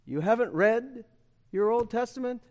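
A man's voice: very high-pitched, lively intonation, normal speed, a little mellow. A man preaching a sermon, emphatic and conversational, asking the congregation rhetorical questions. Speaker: pastor.

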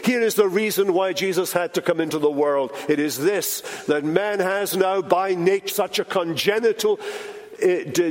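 A man preaching a sermon as pastor, emphatic, slowing down and dropping his voice for weight. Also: lively intonation. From Britain. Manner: emphatic, with dramatic slowdowns and drops in pitch. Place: large church sanctuary. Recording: church hall reverb.

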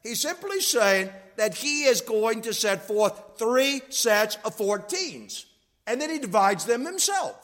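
A man's voice: extremely high pitch, big pitch swings, slow pace, a bit bright. A man teaching a Bible class, explaining step by step, repeating key points and checking that listeners follow. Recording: long reverb of a hall.

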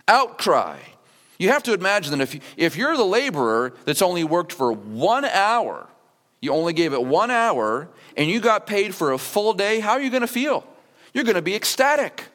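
Animated preaching man in a reverberant church. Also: sits high, moderate pace. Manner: animated preaching, acting out the workers' voices. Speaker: pastor. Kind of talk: sermon. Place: church sanctuary.

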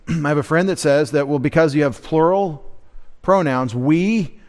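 A man teaching a midweek Bible study in an unhurried, halting way. He fills pauses with "uh" and "um," restarts his phrases, and laughs off his own shaky Greek pronunciation as he explains a verse. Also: fairly high pitch, darkish tone. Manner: unpolished Greek pronunciation, self-deprecating asides. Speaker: pastor.

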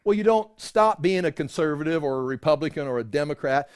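A man's voice: fairly high pitch, animated, fast talker, clear, resonant tone. A middle-aged man teaching from the Bible in a conversational sermon, acting out the voices in quoted exchanges. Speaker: pastor.

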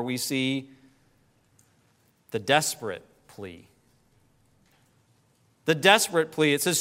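A man preaching a sermon, rising to impassioned pleas and dropping to quiet, low emphasis. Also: smooth. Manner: rises to impassioned pleading, then drops low. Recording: long hall reverb.

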